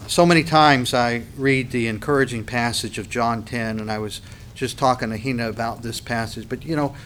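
A man preaching a sermon as a pastor. He rises sharply in pitch and volume when he reads scripture aloud. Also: fairly even intonation, moderate pace, a bit bright, slight background noise.

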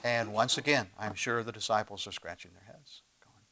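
A man preaching a sermon as pastor, conversational and animated, with sudden swings between loud emphasis and quiet asides and frequent rhetorical questions. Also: on the low side, normal speed, creaky. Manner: animated preaching with big swings in loudness and pace.

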